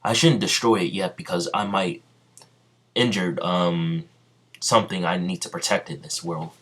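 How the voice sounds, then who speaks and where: An arrogant, menacing ninja warlord, as a man puts him on in a homemade spoken fan story. He talks bluntly in commands and threats, in a fairly low male voice. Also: fairly even intonation, normal speed, a bit bright. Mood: threatening.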